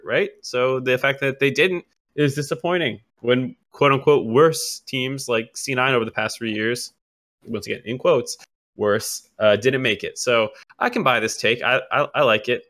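Young male co-host, bright tone, thoughtful and explanatory. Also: mid-range voice, moderate pace. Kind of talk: casual esports discussion.

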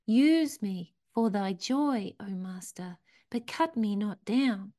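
A devoted bamboo plant from a storybook parable, speaking in archaic words, as a woman reads it. It pleads slowly and softly, often sinking to a whisper. The pitch sits in the middle. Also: animated. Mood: pleading. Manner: pleading, archaic speech, drops to hushed whispers.

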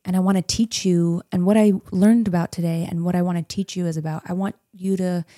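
A woman's voice: lowish voice, steady tone, fairly quick, dark tone, no room sound, clean studio sound. A woman in her thirties, a podcast guest, chatting casually and telling a story with frequent laughs. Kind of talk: casual interview chat.

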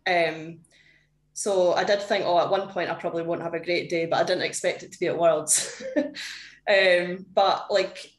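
Young female podcast guest; chatty, candid, filler-heavy; slightly low voice, roomy echo. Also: steady tone, normal speed. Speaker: podcast guest, competitive powerlifter. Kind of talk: casual interview chat. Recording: echoey room.

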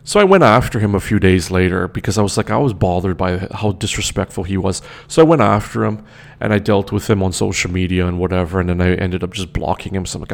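A man's voice: deep voice, vocal fry. A young man telling a story in a casual, indignant rant, swearing often and repeating himself.

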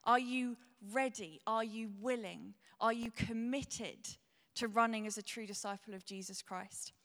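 A woman's voice: a little high, unhurried, a bit bright. A young woman preaching a sermon, earnest and candid, tearful as she speaks. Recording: long hall reverb.

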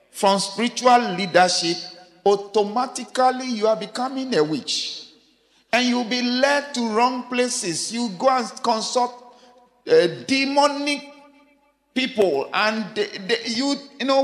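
A male preacher speaking slowly and deliberately, his fairly high voice ringing out with a long, lingering reverb. He drives his points home with rhetorical questions to the congregation, dropping to low, quiet asides between raised, emphatic lines. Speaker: pastor. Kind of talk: sermon.

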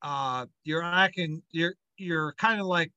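Bright-voiced man rambling candidly. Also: a little high, slow pace, clean tone, no room sound, highs cut off. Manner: candid, rambling with fillers and self-corrections. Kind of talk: casual chat.

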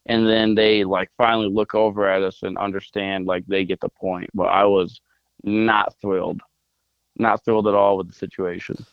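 A man's voice: fairly low pitch, level tone, moderate pace, creaky, smooth, no room sound, highs cut off. A man on a podcast, casually telling a long hunting story full of fillers. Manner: rambling storyteller, lots of "like" fillers. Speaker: podcast co-host.

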